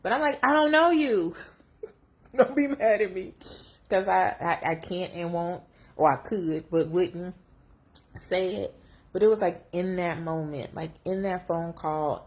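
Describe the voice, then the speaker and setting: A woman telling a personal story on camera, reflective and emotional, close to tears, with lively jumps when she quotes herself. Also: fairly low pitch. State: tearful. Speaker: vlogger sharing a personal story.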